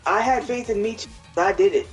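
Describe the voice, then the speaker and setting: A man co-hosting a gaming video, telling a story in a lively, profanity-laced casual chat. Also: high voice, fairly quick, soft background music, low-quality recording. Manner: animated, swears freely, talks to himself in retellings. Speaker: gaming co-host.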